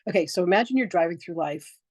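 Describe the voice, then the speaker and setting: A woman's voice: on the low side, expressive, quick pace, dry recording. A woman in her sixties teaching a live online masterclass on spiritual practice. She tells stories with animation, acts out quoted exchanges, and speaks frankly and emphatically, sometimes swearing. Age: 60s.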